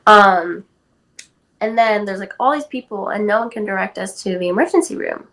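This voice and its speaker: A woman's voice: mid-range voice, moderate pace, fairly bright tone, poor audio. An eighteen-year-old woman from California, telling a personal story as a podcast guest in a casual way, full of "like" and "um". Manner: chatty, many "like" and "um" fillers. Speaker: guest athlete.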